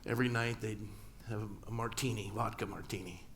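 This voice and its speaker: A man's voice: on the low side, fairly even intonation, brisk, a bit bright, a little hiss or hum. A middle-aged man, a pastor, telling a personal story in a sermon and acting out family dialogue with humor. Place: church sanctuary.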